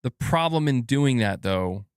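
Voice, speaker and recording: A man's voice: mid-range voice, expressive, unhurried, clean tone, no room sound, clean studio sound. A man hosting a casual gaming news live stream, rambling and swearing as he reads viewer comments aloud.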